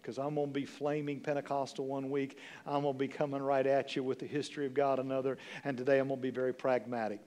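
A man's voice: medium pitch, darkish tone, long reverb tail. A man in his sixties preaching a sermon as pastor, emphatic, with repeated phrases and rhetorical questions to the congregation. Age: 60s. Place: church sanctuary.

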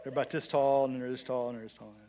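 An older man preaching a sermon as bishop, telling a story and swinging between hushed, low passages and loud, excited ones. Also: fast talker. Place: church.

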